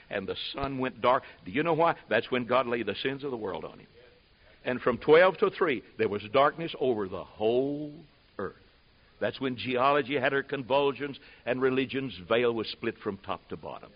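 A man preaching a sermon in a folksy way, building to loud, emphatic preaching. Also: mid-range voice, expressive, moderate pace. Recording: muffled lo-fi sermon recording.

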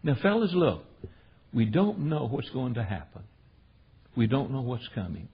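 Middle-aged male preacher with a rough, husky voice, folksy and emphatic, on a muffled lo-fi recording. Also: mid-range voice, sing-song, moderate pace. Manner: folksy, emphatic, repeats "said" while retelling stories. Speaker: preacher teaching the Bible. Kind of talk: storytelling sermon.

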